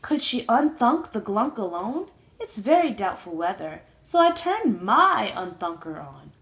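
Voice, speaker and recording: A woman's voice: medium pitch, big pitch swings, a little slow, fairly bright tone. A young woman reading a rhyming children's book aloud in a sing-song way. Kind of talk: storybook read-aloud.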